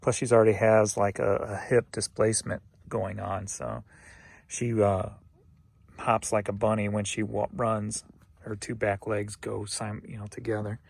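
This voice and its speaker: A man's voice: on the low side, little pitch movement, vocal fry, a little mellow. A man from St. Louis, Missouri, an eBay reseller who chats easygoingly in a casual vlog. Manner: easygoing and chatty, with quick asides.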